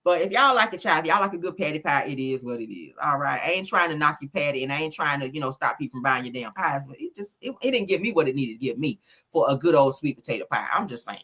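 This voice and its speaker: A woman with a low-set voice hosts a loud, profane gossip livestream. Her pitch swings widely, and her tone is bright and forceful. She reads viewer comments aloud and reacts with frequent laughter. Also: animated, fast talker. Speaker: livestream gossip host reading chat. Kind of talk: casual chat.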